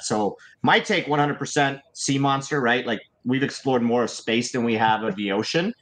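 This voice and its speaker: A man's voice: mid-range voice, a bit bright, poor audio. Rambling man hosting a casual chat. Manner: rambling, swearing, many fillers like "like". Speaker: host.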